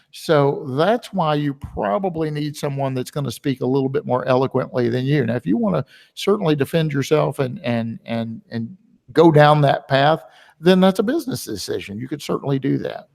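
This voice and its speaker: A man's voice: fairly high pitch, expressive, normal speed, creaky, darkish tone. A man hosting a webinar in a rambling, chatty way, full of filler words. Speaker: webinar host. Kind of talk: casual webinar talk. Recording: long hall reverb.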